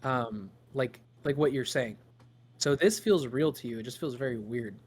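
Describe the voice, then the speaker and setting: A man narrating a tabletop game as game master, halting with lots of ums and restarts. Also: mid-range voice, slightly rough. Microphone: podcast microphone.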